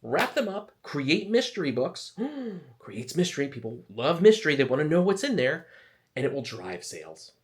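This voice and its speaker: Speaking at normal speed in a fairly high, very animated voice, a male author gives advice casually to camera. He is chatty and self-deprecating, drifting into asides as a video host.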